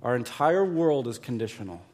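A man preaching a sermon as pastor, emphatic and repetitive, dropping to a hush and then rising loud. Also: mid-range voice, big pitch swings, normal speed. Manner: emphatic, repeats words, swings from hushed to loud.

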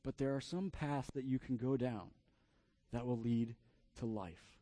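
A man in his thirties, a pastor preaching a sermon through a family story, often repeating words in quick bursts. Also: medium pitch, warm tone, dry recording.

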